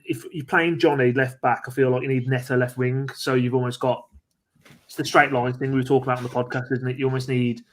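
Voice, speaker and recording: Flat-voiced man talking tactics. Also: mid-range voice. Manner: explains tactics at length, with tag questions. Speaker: co-host. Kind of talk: casual live stream chat.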